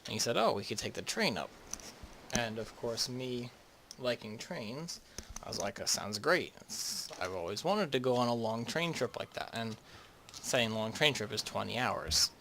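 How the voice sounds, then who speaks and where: A man's voice: mid-range voice, animated, normal speed, vocal fry, a bit bright, a little hiss or hum. A young man from the northeastern United States, rambling and chatty with many restarts as he narrates his game. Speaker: gamer. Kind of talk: casual game commentary.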